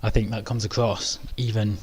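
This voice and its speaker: A British man with a low, flat, slightly mellow and husky voice hosts a live webinar Q&A at normal speed. He comes across as modest and self-deprecating, hesitating with many ums and restarts.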